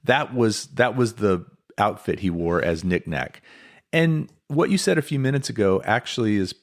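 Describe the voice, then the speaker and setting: A man's voice: fairly low pitch, lively intonation, normal speed. A man hosting a podcast, telling a life story in a casual, chatty way with lots of asides. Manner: conversational, many fillers and asides. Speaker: podcast host.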